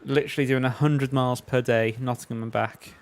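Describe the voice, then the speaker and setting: An English man talking casually during a game stream, wandering from story to story. He fills pauses with frequent "uh"s and restarts, keeping a loose, chatty flow. His pitch sits in an ordinary middle range. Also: fairly even intonation. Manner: rambling, anecdotal, many fillers. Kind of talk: casual chat while gaming.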